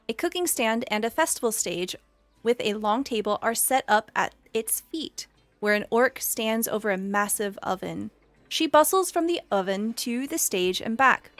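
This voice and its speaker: A woman's voice: medium pitch, a bit bright, no room sound. A woman running a tabletop game as game master, describing the scene to her players. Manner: descriptive, scene-setting narration.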